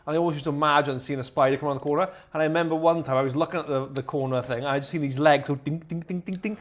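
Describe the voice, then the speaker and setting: A man chatting on a podcast, spinning lively anecdotes and swearing freely as he acts out how he reacted. His voice sits a little higher than most men's. He plays out the moments as he tells them. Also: rapid-fire. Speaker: podcast co-host. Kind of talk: casual chat.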